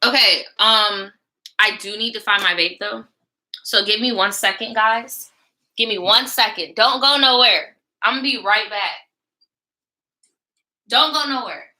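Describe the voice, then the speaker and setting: A woman's voice: fairly high pitch, measured pace, long pauses, sharp tone. A young woman hosting a livestream, telling a story in a casual, profane, exasperated rant. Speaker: livestream host.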